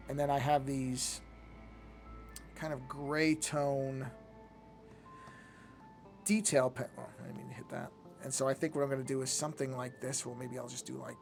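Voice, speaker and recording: On a desk microphone, a man with a medium-pitched voice and some vocal fry streams his drawing session. He thinks aloud casually and hesitantly, often trailing off and restarting his sentences.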